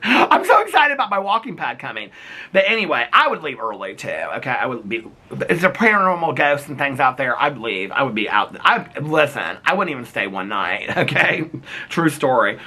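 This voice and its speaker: A man talks in a casual vlog, chatty and playful, with plenty of laughter. His voice swings up and down in a lively way, and the tone is bright. He is recording outdoors in the cold. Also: medium pitch, moderate pace. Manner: chatty, animated, laughs often, playful asides. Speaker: vlogger.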